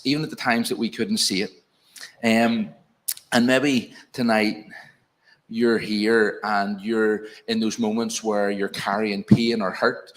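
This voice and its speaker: A man with a Northern Irish accent preaching an evening sermon in a church, earnest and pastoral, speaking directly to the congregation. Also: lowish voice.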